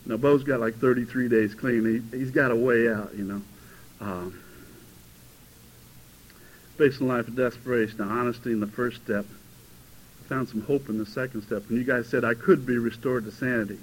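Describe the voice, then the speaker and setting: Animated man sharing his recovery story. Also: medium pitch, brisk, a little hiss or hum, low-quality recording. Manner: animated storytelling, bursts into shouting. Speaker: recovery meeting speaker. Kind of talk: personal testimony to a meeting. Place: meeting hall before a live audience.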